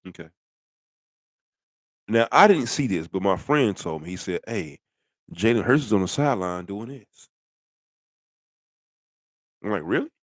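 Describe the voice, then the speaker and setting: A man's voice: on the low side, expressive, a little slow, long pauses, dry recording. A middle-aged man ranting bluntly about football in a rambling, casual way, full of rhetorical questions. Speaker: sports commentator. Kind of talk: casual sports rant.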